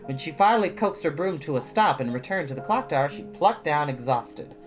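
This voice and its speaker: Low-voiced woman reading a storybook. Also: fairly quick. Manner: expressive, addresses young listeners. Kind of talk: reading a children's book aloud. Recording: guitar music behind.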